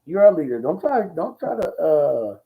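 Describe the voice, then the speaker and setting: A man hosting a ministry talk show, talking in a folksy, preachy way, repeating himself and whooping with excitement. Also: on the high side, moderate pace, gravelly, slight background noise. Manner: exclamatory and repetitive, whooping with excitement. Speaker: host. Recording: dull lo-fi audio.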